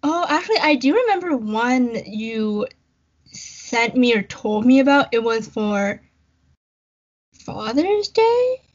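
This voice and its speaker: A young woman with a slightly high voice chats casually and teases her friend, often asking follow-up questions. The recording has a dull, lo-fi quality. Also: animated, a little slow. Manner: teasing, asks follow-up questions. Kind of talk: casual chat. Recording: dull lo-fi sound.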